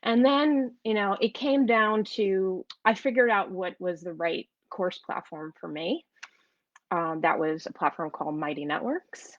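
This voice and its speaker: A woman's voice: mid-range voice, a little slow, dry recording, muffled recording. A woman with a New York and New Jersey accent, telling a story in a chatty, casual live-streamed talk as an online business coach. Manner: chatty, storytelling, many restarts.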